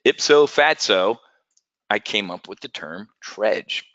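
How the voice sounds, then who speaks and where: A man hosts a live trading webinar in a folksy, joking patter. His voice is bright and forceful. The sound is dry and a bit dull and lo-fi. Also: lowish voice, slow pace, no echo. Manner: folksy, animated, jokey salesman patter.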